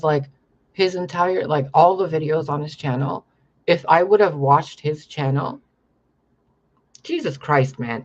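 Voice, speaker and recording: A man's voice: on the high side, highs cut off. A young man talking in a rambling, profane monologue to camera about his spiritual visions. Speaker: spiritual vlogger.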